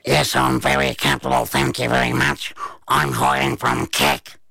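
A man voicing a gruff, cheeky little talking didgeridoo in a storybook tale. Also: medium pitch, animated, moderate pace, sharp tone, no echo, studio quality, exaggerated voice. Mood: calm.

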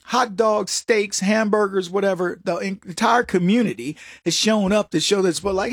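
A man's voice: high voice, moderate pace, hardly any pauses, slightly rough, dry recording, studio quality. A man hosting a solo political commentary show, talking in a mocking, jokey way. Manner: mocking, jokey, acts out voices with laughs.

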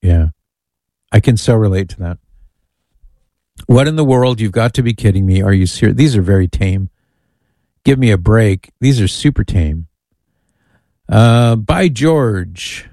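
Mellow-voiced playful radio host, man. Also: on the low side, measured pace, pauses often, no echo. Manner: playful, reads lists aloud with amused asides. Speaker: radio call-in show host. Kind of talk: casual talk radio.

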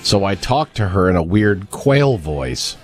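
A deep-voiced male radio co-host whose pitch swings widely as he jokes, with faint music underneath. His casual, playful banter keeps the studio chat loose. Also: very animated, unhurried.

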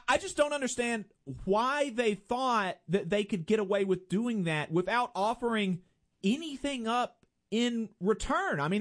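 A man with a notably high voice asks long, winding questions, full of "you know" and restarts. He sounds conversational as the interviewer. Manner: rambling, hesitant questions full of fillers.

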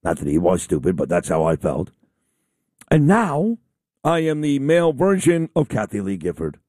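A middle-aged man talking on the radio in a casual, boastful, rambling way. His voice is somewhat high and swings widely in pitch, with a warm, mellow tone. The sound is close and dry. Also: no room sound. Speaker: radio talk show host. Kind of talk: casual on-air chat.

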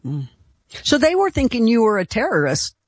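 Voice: medium pitch, huge pitch swings, moderate pace, husky. An interviewer listening to a guest and answering with short reactions and comments. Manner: brief reactions and backchannel responses. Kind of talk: casual conversation.

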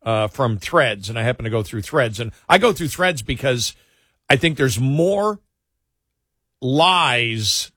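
Husky amused talk radio host man. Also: medium pitch, expressive, takes it slowly, sharp tone, no room sound, studio quality. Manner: storytelling, amused, scoffing. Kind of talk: casual talk radio commentary. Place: radio studio.

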